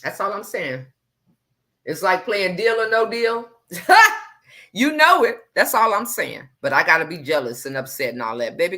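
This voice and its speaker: Sassy low-voiced woman with a bright edge. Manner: sassy, animated, swings from low muttering to loud exclamations. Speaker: livestream host reading viewer comments. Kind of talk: casual livestream chat.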